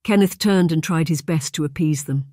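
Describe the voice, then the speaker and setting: An audiobook narrator giving a steady, measured scripted reading of a historical romance. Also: medium pitch, dry recording, studio quality.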